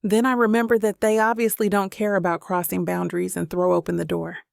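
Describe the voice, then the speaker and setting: A woman's voice: lowish voice, little pitch movement, brisk, gravelly, no room sound, studio quality. A woman narrating a first-person romance audiobook, reading dramatically. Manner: dramatic, voices characters' lines with emotion.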